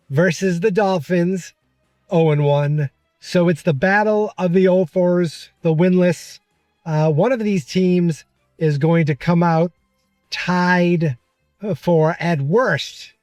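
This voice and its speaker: A man with a light New England accent talks in a chatty, rambling way, often stopping to correct himself. His voice sits a little high and sounds close and dry as he talks from inside his car. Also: darkish tone, dry recording. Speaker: podcast host. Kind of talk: casual vlog-style talk. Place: in a car while driving.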